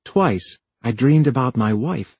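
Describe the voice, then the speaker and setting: Brief: narrator doing a plain-spoken young male apprentice, husky, dry. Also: medium pitch, lively intonation, unhurried, dry recording. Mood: earnest. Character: earnest young married man, new apprentice.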